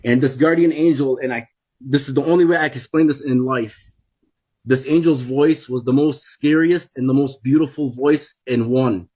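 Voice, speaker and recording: Husky man telling an urgent testimony. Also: medium pitch, moderate pace, dark tone. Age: 40s. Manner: urgent, repeats himself, restarts sentences. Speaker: testimony speaker. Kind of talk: emotional personal testimony.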